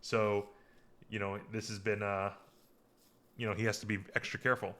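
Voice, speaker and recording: A man's voice: lowish voice, little pitch movement, normal speed, sharp tone. A man hosting a podcast, casually recapping a TV episode in a rambling way, full of fillers and restarts. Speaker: podcast host.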